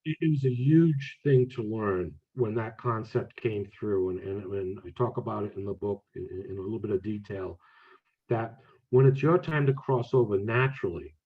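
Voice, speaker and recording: Husky man on a tinny line. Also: fairly low pitch, normal speed. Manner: relaxed, chatty, many fillers and restarts. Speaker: medium and author, guest speaker. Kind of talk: casual talk with audience questions. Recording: tinny phone-like audio.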